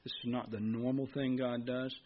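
A man's voice: medium pitch, flat delivery, normal speed, phone-quality sound. A man preaching a sermon in a conversational way, asking the congregation questions.

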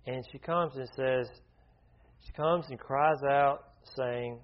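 A man's voice: medium pitch, takes it slowly. A man leading an informal Bible study, talking conversationally, often restarting his sentences and asking the group questions. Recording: dull lo-fi recording.

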